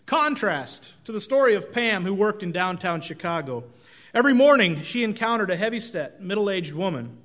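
A middle-aged male pastor delivers a relaxed, conversational sermon. He tells folksy stories and pokes fun at himself. His voice sits a little high for a man. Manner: conversational, self-deprecating, folksy storytelling.

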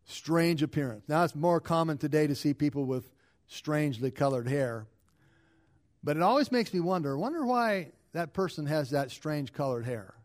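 A middle-aged man, a pastor, preaching a sermon with frequent restarts and repeated words, swinging between loud emphasis and quiet asides. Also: a little high, animated, moderate pace.

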